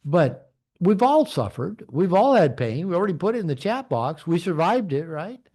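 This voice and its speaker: An earnest man in his late sixties speaks candidly to an online group, reflective and open. His voice sits a little high for a man and moves freely up and down as he talks. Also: big pitch swings, moderate pace, darkish tone. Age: 60s. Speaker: men's coach and community leader. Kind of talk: personal talk to an online group.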